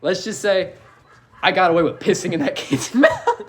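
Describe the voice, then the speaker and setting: A man's voice: high voice, huge pitch swings, normal speed, fairly bright tone. A young man co-hosting a podcast, telling a crude story among friends and laughing through it. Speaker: podcast co-host.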